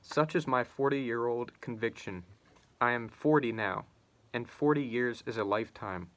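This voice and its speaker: A spiteful, bitter man of forty, a retired clerk, holds forth in sarcastic bursts, as a man reading a novel aloud puts him on. His delivery is emphatic and slowed, full of declamation. The voice sits in an ordinary middle pitch. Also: a bit bright, close to an everyday voice. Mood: bitter, sardonic.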